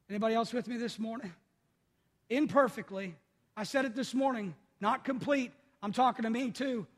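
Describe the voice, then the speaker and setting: A male pastor preaching a sermon, swinging from loud exclamations to quiet asides. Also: very high voice, long reverb tail.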